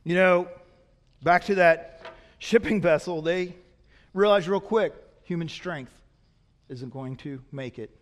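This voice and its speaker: A man preaching a sermon as a pastor, swinging from loud emphatic peaks to quiet, low asides. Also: slow, in a large hall.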